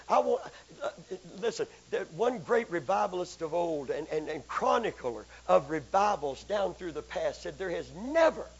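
A man preaching a broadcast sermon, swinging from quiet, low asides to loud, shouted exhortation, asking the congregation for amens. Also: muffled recording. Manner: rises from low, soft asides to loud, shouted exhortation, constant calls of amen.

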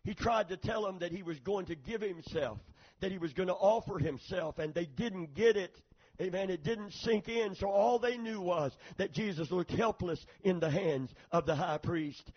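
Male preacher, high husky voice, lively sermon delivery with amen call-outs, on a dull lo-fi recording. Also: moderate pace. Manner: calls for amens, retells scripture with acted quotes.

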